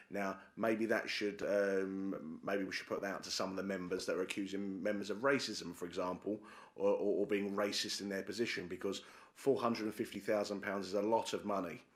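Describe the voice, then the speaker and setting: A man chairing a council committee, speaking with many fillers and repeated words. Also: low-pitched. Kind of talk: committee debate speech. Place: council chamber.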